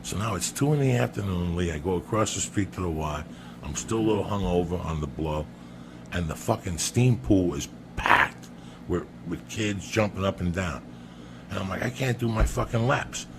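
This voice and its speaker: A man telling a long personal story on a podcast in a profane, animated way. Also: sits low, moderate pace, heavy background noise. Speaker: podcast guest. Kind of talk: storytelling anecdote.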